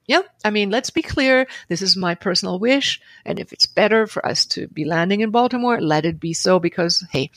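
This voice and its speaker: Expressive woman guest telling a story. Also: mid-range voice, normal speed, no echo. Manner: expressive, laughs often, acts out her own inner dialogue. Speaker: podcast guest, author and seminar leader. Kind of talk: animated storytelling in conversation.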